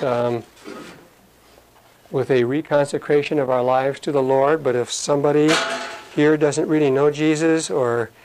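A man leads a church Bible study in a relaxed, conversational sermon voice at an ordinary middle pitch. He reads the verses slowly and deliberately, then breaks into plain, folksy explanations for the congregation. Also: low-quality recording. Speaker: pastor.

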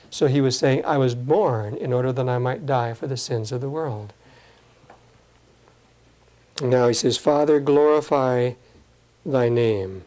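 A man preaching a sermon, reading scripture slowly and explaining it in plain, earnest talk. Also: mid-range voice, warm tone.

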